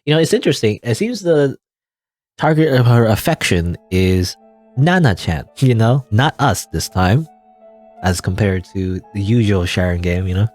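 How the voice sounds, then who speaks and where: A man's voice: fairly low pitch, expressive, moderate pace, darkish tone, soft background music. A young adult man hosting a let's play, giving casual, rambling commentary on a visual novel. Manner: rambling, filler-heavy.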